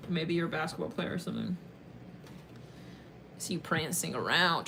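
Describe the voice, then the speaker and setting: A woman with a low voice and vocal fry gives her viewers a casual tarot reading at normal speed, pausing often. Her talk is chatty and rambling, full of fillers and sudden laughs, with background noise in the recording.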